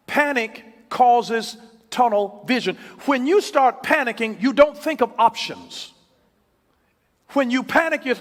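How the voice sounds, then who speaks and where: Brief: male preacher, high and lively voice, emphatic repeats, long hall echo. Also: measured pace. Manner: emphatic, repeats key phrases, swings from loud to hushed. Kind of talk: sermon.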